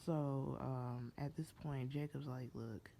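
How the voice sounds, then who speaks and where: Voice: medium pitch, normal speed, gravelly, mellow, slightly rough. A person giving a casual, gossipy recap of a TV episode, slangy and playfully sassy, often breaking into laughter. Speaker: TV show reviewer.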